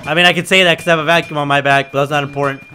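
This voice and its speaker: A young man giving excitable, trash-talking commentary while playing a video game. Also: fairly high pitch, rapid-fire, soft background music. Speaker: gaming video creator. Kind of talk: gameplay commentary.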